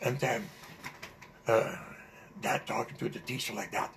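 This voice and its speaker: An older man slowly recounting a personal memory in an interview, halting often with fillers and restarts. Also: mid-range voice, steady tone, gravelly, a bit bright, slight background noise. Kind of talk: personal storytelling.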